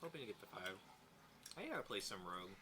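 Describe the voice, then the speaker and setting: A man chats excitably with friends before a tabletop game, laughing often. His voice sits low but swings widely in pitch, and steady noise is heard behind him. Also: fast talker. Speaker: player. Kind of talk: casual chat. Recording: noisy background.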